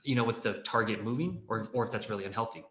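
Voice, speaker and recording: A man's voice: on the low side, fast talker, fairly bright tone, reverberant. A man co-hosting a podcast, chatting energetically and laughing easily. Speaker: podcast co-host, startup co-founder. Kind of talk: casual chat.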